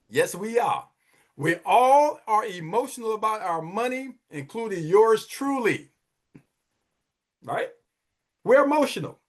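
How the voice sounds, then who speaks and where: Middle-aged male podcast host, emphatic and repetitive, higher voice with lively intonation. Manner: emphatic, preachy, repeats phrases for effect. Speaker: wealth advisor and podcast host. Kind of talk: motivational money talk.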